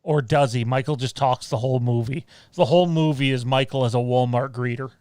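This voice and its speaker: A man's voice: medium pitch, fairly quick, darkish tone, dry recording. A man hosting a casual live-stream chat, rambling with frequent laughs and restarts. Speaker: podcast host.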